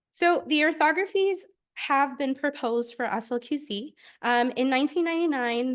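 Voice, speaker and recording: A young woman from the United States giving an academic research presentation, explaining carefully with frequent filler pauses. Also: sits high. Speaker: graduate student presenter.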